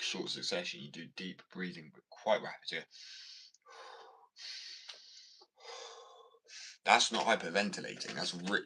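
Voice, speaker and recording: A man's voice: low-pitched, pushed and bright, husky. A man chatting casually in a rambling vlog from his workshop, swearing often and talking in a fidgety way. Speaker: skateboard maker. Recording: distant mic, faint background noise.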